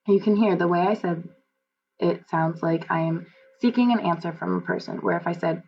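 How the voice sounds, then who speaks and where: A woman with a lowish, gravelly voice reads through a classroom lesson plan. She speaks haltingly, with fillers and frequent self-corrections. The recording is dull and lo-fi, with a faint hum underneath. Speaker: student teacher presenting a lesson plan. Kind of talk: reading a lesson plan aloud.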